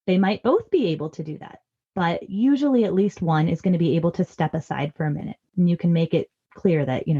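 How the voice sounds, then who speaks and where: Warm-toned woman giving parenting advice. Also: lowish voice, brisk, husky, dull audio. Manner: earnest and reassuring, acts out parent lines softly. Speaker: parenting guest expert. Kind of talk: conversational podcast advice.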